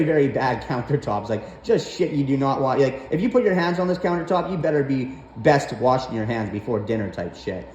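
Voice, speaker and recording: A man's voice: medium pitch, roomy sound, lo-fi sound, slight background noise. A man telling a rant-filled personal story, swearing often and sounding exasperated. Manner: profane, animated, exasperated.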